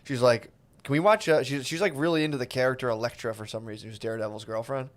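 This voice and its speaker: A man's voice: mid-range voice, fairly even intonation, fast talker. A young man co-hosting a podcast in casual comedic banter, rambling, swearing freely and putting on voices for jokes. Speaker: podcast co-host.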